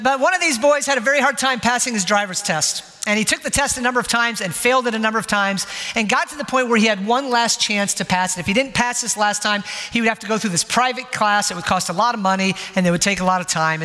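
A high-pitched man in his forties delivers a sermon as a story, poking fun at himself along the way. His voice has a bright, forceful edge. A long hall reverb trails behind each phrase. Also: fast, hardly any pauses. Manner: storytelling, self-mocking humor. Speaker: pastor.

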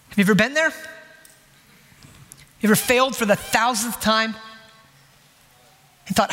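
A high-pitched man in his forties delivers a sermon as a story, poking fun at himself along the way. His voice has a bright, forceful edge. A long hall reverb trails behind each phrase. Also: moderate pace, long pauses. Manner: storytelling, self-mocking humor. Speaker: pastor.

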